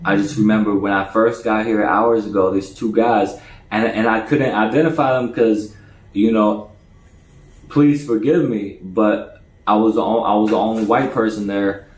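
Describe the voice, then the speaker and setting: A man's voice: fairly low pitch, fairly even intonation, moderate pace, reverberant, poor audio. A man telling a personal story in a casual way, often stuttering and repeating his words. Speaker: storyteller recounting jail time.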